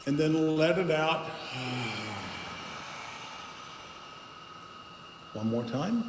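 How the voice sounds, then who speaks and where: Slow-spoken man in an echoey hall. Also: fairly high pitch, lively intonation. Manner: slow, guiding instructions with pauses. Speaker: guest speaker leading a voice exercise. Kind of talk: speaking to a congregation. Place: spiritual center meeting hall. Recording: echoey hall with long reverb and background noise.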